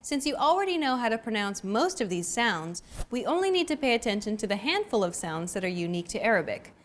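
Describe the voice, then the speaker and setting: A woman hosting a language lesson, explaining pronunciation in clear, scripted narration. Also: fairly high pitch, very animated, brisk, a little hiss or hum. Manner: clear, explanatory teaching delivery.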